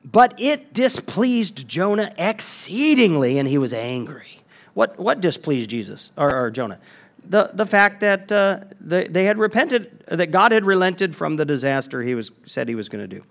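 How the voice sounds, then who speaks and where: A man preaching a sermon as pastor, emphatic and animated, with frequent restarts. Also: high-pitched, normal speed, gravelly.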